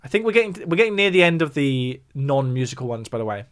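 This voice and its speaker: Very animated and talking fast, he has a mid-range voice that's a bit bright, clear and resonant. He's a music YouTuber from the south of England with a southern English accent, casually explaining things on a livestream and responding to viewer chat between points.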